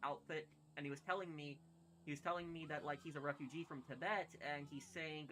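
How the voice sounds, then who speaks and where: A man rambles through a story at a quick clip, stumbling over restarts and fillers. His voice sits a bit high and sounds bright and pushed. A faint hum runs under the recording. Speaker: gaming streamer. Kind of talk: casual storytelling while gaming.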